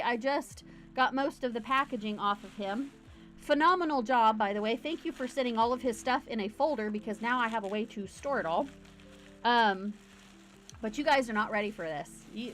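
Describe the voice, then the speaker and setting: A chatty woman with a slightly high voice hosts a casual livestream from home, rambling in a bubbly way. She talks up close to her camera, and faint music plays behind her. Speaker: livestream host. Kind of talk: casual live-stream chat.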